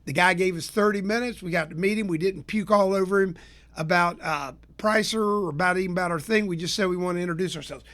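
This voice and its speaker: High-voiced, folksy storytelling man. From Tampa area, Florida. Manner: folksy, energetic, acts out people in his stories. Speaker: business consultant and show host. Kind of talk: storytelling rant to listeners.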